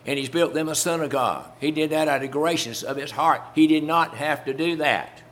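A man's voice: fairly high pitch, fairly quick, fairly bright tone, a little hiss or hum. Man preaching in a folksy, conversational way. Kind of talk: sermon.

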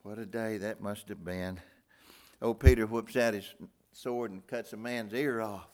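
A man's voice: lowish voice, fairly even intonation, measured pace. Older man preaching with dramatic swings. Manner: folksy, with wide dramatic swings between loud outbursts and hushed near-whispers. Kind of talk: sermon.

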